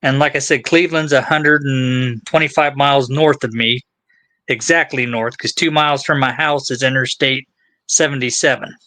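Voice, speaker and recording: Podcast co-host, man from southeastern Ohio, bright edgy voice, teasing, dry sound. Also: medium pitch, steady tone, moderate pace, no room sound. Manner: rambling, teasing, swears freely. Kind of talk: casual chat.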